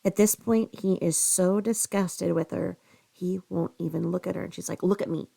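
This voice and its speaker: A woman's voice: fairly low pitch, steady tone, moderate pace, creaky, mellow. A woman hosting a commentary channel, ranting bluntly and profanely about another online creator. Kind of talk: angry commentary.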